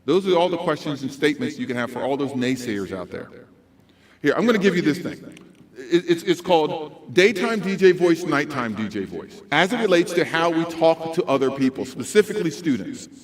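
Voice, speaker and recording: A man giving a motivational talk to educators at a school conference, animated and swinging between loud and soft. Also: a little high, a little fast. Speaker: conference speaker.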